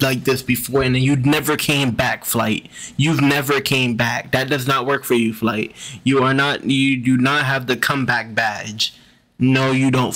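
A man's voice: mid-range voice, a bit bright. A man hosting a reaction video, giving casual commentary with a teasing, mocking manner and a lot of repetition. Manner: teasing, mocking, repeats himself.

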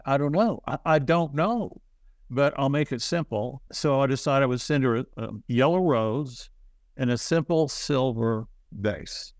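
A man as an interview guest, telling stories in a rambling, halting way with self-deprecating asides. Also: medium pitch, no echo. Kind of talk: casual storytelling.

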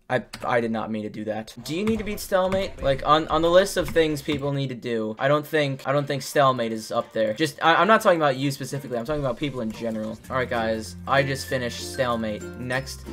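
A man's voice: mid-range voice, fairly quick, fairly bright tone. A young man giving casual gameplay commentary, breaking into frustrated outbursts and swearing, recorded at a home desk mic. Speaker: gamer playing a hard level. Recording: faint game music behind.

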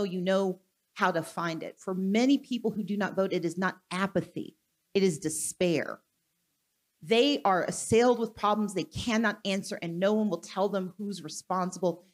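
A woman from Mississippi, a guest speaker in a live onstage conversation, talking in a forceful, deliberate, rallying way. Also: mid-range voice.

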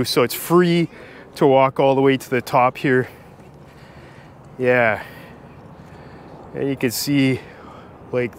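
A man giving a relaxed, chatty travel vlog commentary while walking outdoors through a city. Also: medium pitch, slight background noise. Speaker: travel vlogger. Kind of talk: casual walking vlog narration.

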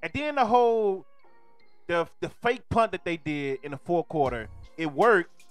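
A hoarse male streamer ranting about a football game and repeating his complaints in exasperation. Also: high-pitched, animated, measured pace, no echo, faint music behind. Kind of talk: sports rant.

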